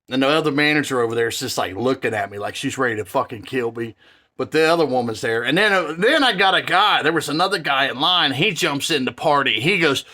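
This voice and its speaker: Heated, foul-mouthed man, high and bright. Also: brisk. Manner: profane, heated, rambling. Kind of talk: angry storytelling rant.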